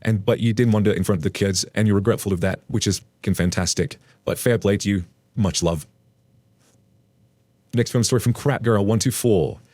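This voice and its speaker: A man's voice: lowish voice, a little fast, darkish tone, no room sound. A man hosting a channel where he reads online stories aloud and adds blunt, casual commentary with the odd swear word. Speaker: narrator and host.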